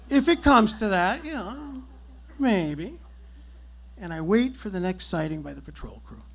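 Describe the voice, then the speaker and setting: A man tells a comic story live on stage with theatrical flair. His voice is gravelly and husky, swinging widely in pitch as he builds each moment.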